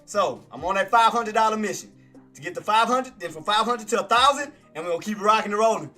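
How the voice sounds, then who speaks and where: An excitable man narrates his trades live, with a high, bright, forceful voice. He brags and repeats himself over and over, and faint music plays under him. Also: fast talker. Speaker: day-trading streamer. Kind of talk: live trading commentary.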